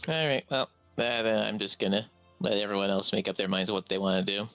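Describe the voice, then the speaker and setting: A man with a fairly low voice playing a tabletop game. He talks in a laid-back, plain-spoken way, with faint music behind him. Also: fairly even intonation, fairly quick, fairly bright tone. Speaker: player. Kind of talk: casual tabletop game play.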